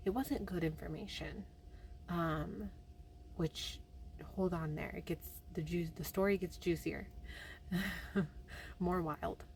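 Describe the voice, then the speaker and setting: A young woman telling a personal faith story in a chatty, animated way, with many fillers. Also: fairly low pitch, takes it slowly, pauses often, a little hiss or hum. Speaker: vlogger.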